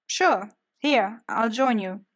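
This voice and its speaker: A woman reading an audiobook, voicing a modest young male student from abroad in a polite, gentle way. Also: on the high side, slow pace.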